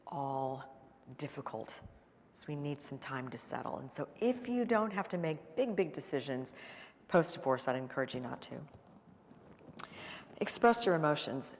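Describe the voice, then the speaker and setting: A woman therapist giving a live seminar talk, earnest and emphatic, speaking conversationally with frequent fillers. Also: low voice. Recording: long hall reverb.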